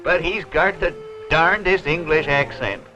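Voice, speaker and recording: A man's voice: on the high side, measured pace, natural voice. A man playing a polite, earnest young cowboy sheriff with an easygoing drawl, with music behind. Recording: dull old TV soundtrack with music.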